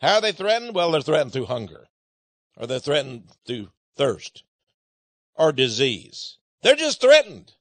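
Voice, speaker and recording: A man's voice: medium pitch, animated, measured pace, a bit bright, no echo. A man hosting a radio monologue, speaking emphatically and urgently and addressing his listeners as friends. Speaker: radio host.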